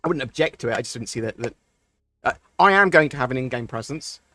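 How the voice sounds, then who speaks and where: A man's voice: mid-range voice, quick pace, bright, forceful tone, no echo. Rambling man streaming live. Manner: rambling, thinks aloud with many ums and restarts. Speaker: streamer answering viewer questions. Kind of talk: casual live-stream chat.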